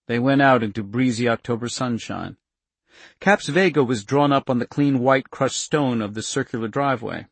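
A man narrating an audiobook in a steady, measured way on a close mic. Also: medium pitch, vocal fry, husky, no room sound.

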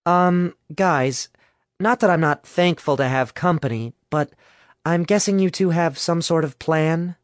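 A woman's voice: low-pitched, unhurried, no echo, studio quality, voice pushed up. A man voicing a tentative, wary young female student who grumbles in a storybook reading.

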